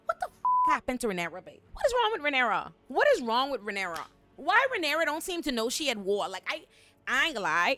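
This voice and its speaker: A woman hosting a comedic episode recap, talking in an animated, slangy, profane way. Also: a little high. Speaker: show recap host.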